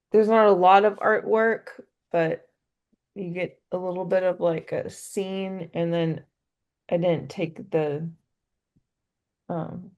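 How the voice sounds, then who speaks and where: Slow, gravelly woman chatting casually. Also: lowish voice. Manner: giggly, animated storytelling. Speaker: podcast guest. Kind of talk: casual chat.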